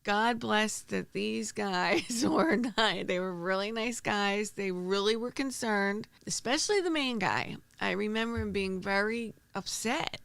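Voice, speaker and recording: A woman telling a story in a loose, rambling way, often stopping and starting over. Her voice has a gravelly edge at mid pitch. The sound is dry and close, with no room around it. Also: measured pace, few pauses, no echo. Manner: animated, rambling, with many restarts. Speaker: true crime podcast host. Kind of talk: casual storytelling.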